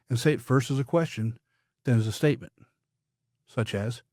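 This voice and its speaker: A man coaching public speaking in a scripted podcast, with a measured, emphatic delivery and firm downward endings. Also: mid-range voice, a little mellow, no room sound, studio quality.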